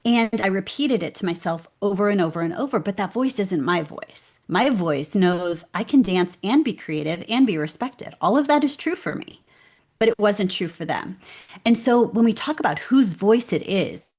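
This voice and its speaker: A woman speaking as an interview guest, telling stories in an earnest, animated way. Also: mid-range voice, moderate pace. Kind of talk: conversational interview.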